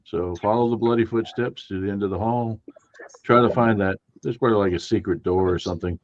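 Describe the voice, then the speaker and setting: Low-voiced man, muffled, playing a tabletop game. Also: fairly quick. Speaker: player. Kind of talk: casual tabletop play.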